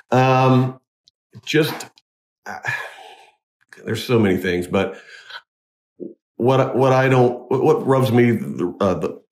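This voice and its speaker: A man, a wedding DJ, talking in a casual interview, halting with many restarts but earnest. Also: medium pitch, lively intonation, a little mellow. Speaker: wedding DJ and MC, guest.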